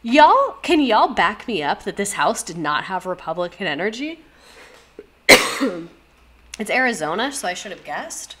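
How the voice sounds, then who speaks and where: A young woman hosting a casual livestream, reacting to house listings with animated gasps, swearing and constant asides to her chat. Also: on the low side, a little slow, pauses often, heavy background noise. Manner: animated, gasping, profane, talks to chat directly. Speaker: livestream host.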